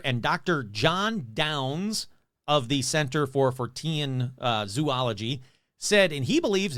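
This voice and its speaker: Sarcastic, lively-voiced man hosting a podcast. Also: fairly high pitch, no room sound, studio quality. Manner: sarcastic, rambling, self-mocking. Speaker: podcast host. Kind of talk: casual comedic chat.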